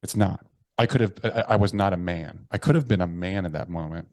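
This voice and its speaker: A man telling candid personal stories in a conversation, swearing freely and acting out his inner voices, dropping quiet when he confesses. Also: low voice, fairly quick, no echo, clean studio sound. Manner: animated, profane, acts out his inner voices. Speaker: podcast guest.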